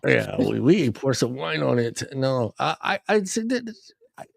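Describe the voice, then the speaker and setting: A man's voice: mid-range voice, sing-song, a little slow, vocal fry, no room sound. A man co-hosting a casual talk show, laughing and rambling with stammering restarts. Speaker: co-host. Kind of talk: casual banter.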